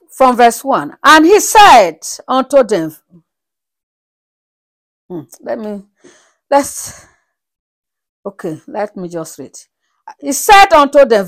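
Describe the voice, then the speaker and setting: A woman preaching a sermon, reading Bible verses aloud and asking the congregation again and again whether they are following, with bursts of laughter and praise between verses. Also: a little high. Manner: animated, with frequent rhetorical checks on the congregation.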